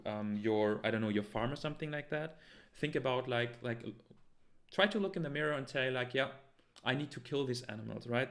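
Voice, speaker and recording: Heated man arguing with live chat. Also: mid-range voice. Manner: argumentative, heated, many fillers and restarts. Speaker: live stream host. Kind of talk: live stream, reading and answering chat comments.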